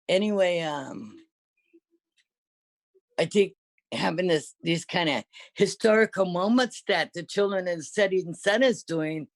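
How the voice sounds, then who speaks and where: In a low-pitched voice, an older woman rambles through memories in casual conversation, frequently stopping to correct herself mid-sentence. The recording has no room sound.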